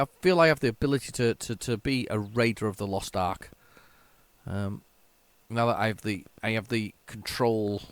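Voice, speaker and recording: A man giving casual, excitable, self-mocking commentary while playing an old computer game. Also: fairly low pitch, no echo. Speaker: retro game tape reviewer.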